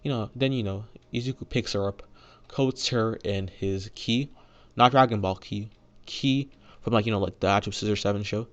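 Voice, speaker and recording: A man's voice: fairly low pitch, normal speed, lo-fi sound. A young man casually retelling a fan-made story, rambling with lots of fillers and restarts.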